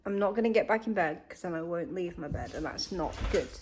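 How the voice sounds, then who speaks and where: A woman's voice: on the low side, expressive, fairly quick, darkish tone, faint music behind. A young woman chatting casually to camera in a vlog, candid and chatty with frequent swearing, while in pain. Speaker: vlogger.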